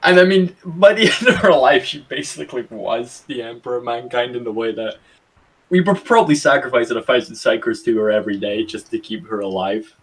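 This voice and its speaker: A young man from Britain hosts a casual online podcast, talking at an ordinary pitch. He rambles through his points, swears freely and laughs easily. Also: a little fast, a bit bright, husky. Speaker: podcast host. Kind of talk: casual chat over a voice call.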